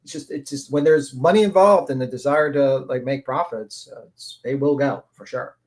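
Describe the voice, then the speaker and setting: A man's voice: mid-range voice, normal speed, darkish tone. A man chatting on a live stream, rambling and thoughtful as he explains his ideas, swearing casually.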